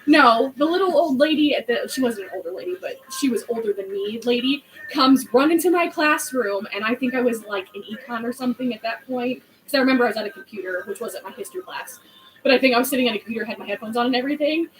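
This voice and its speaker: A woman's voice: a little high, quick pace, low-quality recording. A woman in her late twenties telling a story in a rambling, chatty way, full of "like". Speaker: vlog host. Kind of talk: casual storytelling chat.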